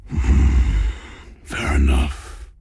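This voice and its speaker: A scheming crime boss growls out his threats in an extremely low, raspy voice. He speaks slowly and smugly, in the dry, close sound of game dialogue. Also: completely flat delivery, mellow, no room sound, heavily acted. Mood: smug menacing. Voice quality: deep gravelly voice. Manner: smug, slow and threatening. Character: scheming crime boss, older male, smug and menacing. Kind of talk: noir game voice acting.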